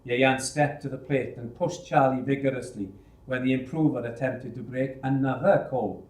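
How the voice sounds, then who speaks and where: A man reading a novel adaptation aloud in a measured, unhurried way, recorded in a roomy space. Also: medium pitch, fairly even intonation, a little mellow. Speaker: storyteller. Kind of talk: audiobook reading. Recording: roomy echo.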